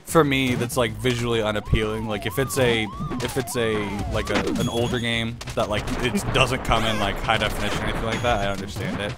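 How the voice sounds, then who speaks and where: A man's voice: mid-range voice, huge pitch swings, brisk, few pauses. A young American man chatting casually about games, rambling with lots of fillers and laughing often. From United States. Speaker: channel host. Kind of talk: casual gaming chat. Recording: music underneath.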